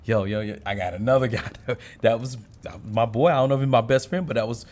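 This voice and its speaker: A man co-hosting a casual podcast conversation, talking in an animated way and slipping into quoted street talk. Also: mid-range voice, quick pace. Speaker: co-host. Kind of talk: casual chat.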